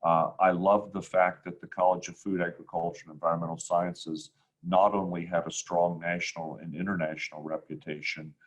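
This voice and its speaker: A man in his sixties from Ohio, answering interview questions in a measured, reflective way with frequent pauses and fillers, speaking over a video call. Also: low-pitched, flat delivery, rough recording. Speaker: university provost, guest.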